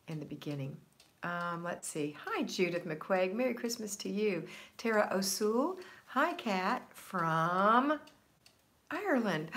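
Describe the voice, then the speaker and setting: Chatty older woman hosting a livestream. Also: on the low side. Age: 60s. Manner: chatty, friendly, reads viewer comments aloud. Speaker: livestream host. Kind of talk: casual live chat reading comments.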